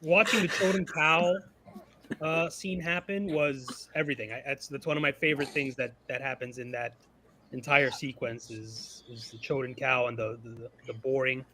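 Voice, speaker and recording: A man's voice: mid-range voice, steady tone, moderate pace, sharp tone, slight background noise. A man in a casual podcast chat, enthusiastic and rambling with repeated words as a fantasy league team member.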